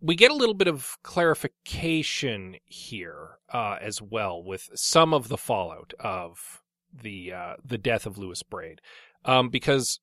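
A man co-hosting a casual book discussion podcast, talking in a wry, relaxed way with jokey segues. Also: on the low side, a little slow, dry recording. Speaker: podcast co-host.

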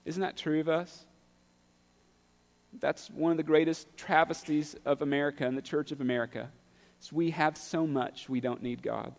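A man preaching a sermon, building to loud, impassioned peaks. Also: on the high side, steady tone, moderate pace, vocal fry, long reverb tail. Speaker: pastor.

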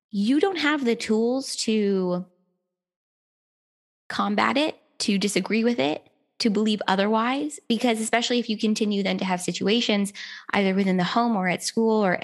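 Thoughtful woman podcast host reflecting. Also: mid-range voice. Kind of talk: reflective conversation.

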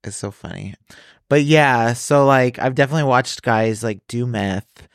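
A man's voice: medium pitch, normal speed, no room sound, studio quality. A man co-hosting a podcast, telling frank stories in a casual, profane, laughing way. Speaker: podcast co-host. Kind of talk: casual chat.

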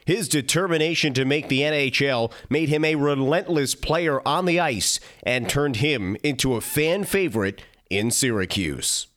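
A man hosting the show, reading scripted narration in a measured, even way. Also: a little high. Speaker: podcast host.

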